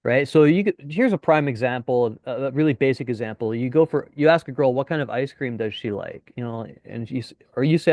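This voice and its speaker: A man teaching a casual webinar as a dating coach, chatty and swearing now and then, acting out deadpan lines. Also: medium pitch, a little fast, few pauses, no room sound, lo-fi sound.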